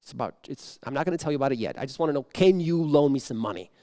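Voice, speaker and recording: A man performs an improvised comic story on a conference stage, acting out each exchange and dropping to sudden whispers. His voice sits high for a man. It swings widely in pitch as he plays to the crowd. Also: rapid-fire. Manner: animated, acts out dialogue with sudden whispers. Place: conference stage before an audience.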